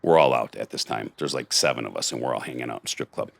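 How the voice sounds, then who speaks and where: Very deep-voiced man telling a gritty story. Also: fast talker, creaky, no echo. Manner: gritty street-talk storytelling, acts out quotes. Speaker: podcast guest. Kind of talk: storytelling in conversation.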